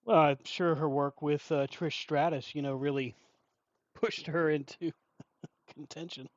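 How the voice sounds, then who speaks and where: A man's voice: fairly high pitch, fairly even intonation, a little slow, no room sound. Casual podcast co-host, male, wisecracking and mock-offended, slightly raised voice, dull dry home recording. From Virginia. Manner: wry, joking, mock-offended. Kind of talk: casual wrestling news chat.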